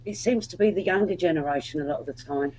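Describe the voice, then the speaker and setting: A man's voice: sits high, fast, a little mellow, rough recording. A man chatting casually as a radio co-host, mostly agreeing. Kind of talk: casual chat.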